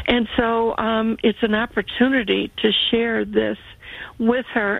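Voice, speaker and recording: A woman calling in to a radio show, speaking earnestly and gratefully in a halting way. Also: on the high side, little pitch movement, vocal fry, no echo. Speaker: caller. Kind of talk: emotional call-in testimony. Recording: tinny phone line.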